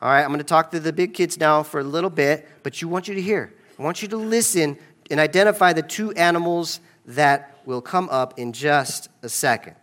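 A man's voice: a little high, brisk, a bit bright. Playful man pastor talking to kids. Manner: playful, addressing kids directly. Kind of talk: children's sermon. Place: large church sanctuary.

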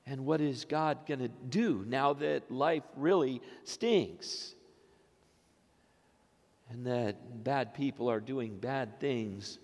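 A pastor in his fifties preaching a sermon, moving between quiet, low phrases and loud, rising exclamations. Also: slow pace. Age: 50s. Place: church sanctuary. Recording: long reverb of a church sanctuary.

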